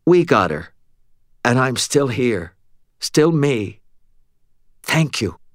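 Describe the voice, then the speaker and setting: A man voicing a tired young woman apprentice wizard who talks softly and haltingly, in an audiobook reading. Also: mid-range voice, sing-song, dry recording, studio quality, voice pushed up. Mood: quiet.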